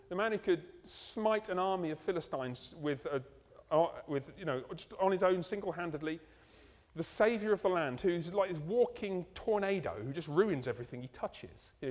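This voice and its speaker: A man preaching a sermon, animated and full of rhetorical questions. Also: high-pitched. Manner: animated, rhetorical questions, ending in slow hushed prayer. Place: church. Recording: church hall reverb.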